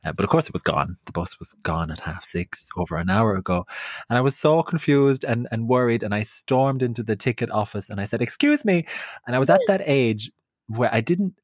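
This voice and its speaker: A man tells a story from his own life, playful and poking fun at himself. His voice sits low and has a husky grain. The recording is close and dry. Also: fairly quick, dry recording. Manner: animated, self-mocking storytelling. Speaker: podcast co-host. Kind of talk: personal storytelling.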